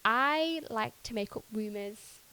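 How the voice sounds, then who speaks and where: A woman's voice: on the high side, slow, pushed and bright, low-quality recording. A young woman tells her faith story as a podcast guest, chatty and full of "like", acting out what she once said. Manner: chatty, fillers of "like", acts out her own past words. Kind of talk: personal faith testimony.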